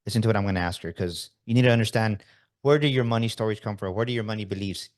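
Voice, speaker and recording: Low voiced guy hosting a podcast, asks questions, talks to the listeners too. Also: racing, darkish tone. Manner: addresses the audience directly, repeats words when starting. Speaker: podcast host. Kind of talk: interview questioning.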